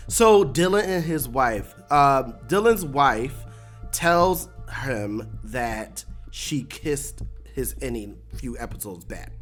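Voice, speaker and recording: A host giving a casual, animated breakdown of a TV episode, laughing often and acting out lines. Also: medium pitch, takes it slowly, faint music behind. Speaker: show recap host.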